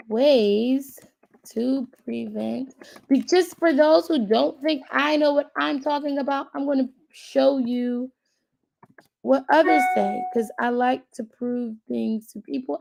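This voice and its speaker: The host's voice sits on the high side, creaky and darkish, with fairly even intonation and a slow pace. In a casual video she thinks aloud while browsing, reading web pages to her viewers and using many fillers.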